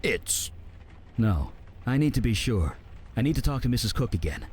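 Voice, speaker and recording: A man's voice: mid-range voice, very animated, normal speed, a little mellow, slight background noise, voice pushed down, close to an everyday voice. A man voicing a shaken adult male game character who stammers and halts in disbelief. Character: shaken adult man, a fire mage companion in an adventure game.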